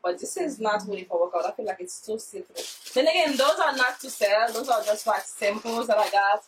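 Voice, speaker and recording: A woman's voice: a little high, a little fast, far from the mic, slight background noise, poor audio. Chatty woman unboxing, a bit off-mic. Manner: excitable, swearing, talks straight to viewers, non-native grammar. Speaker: vlogger unboxing her own fitness products. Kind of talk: casual unboxing vlog. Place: home basement.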